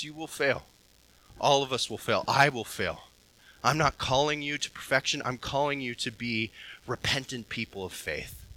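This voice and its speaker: Pastor, male, emphatic sermon delivery, very bright, cutting tone. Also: medium pitch, rough recording. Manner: preachy, emphatic, with swings between soft and loud passages. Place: church hall with a congregation.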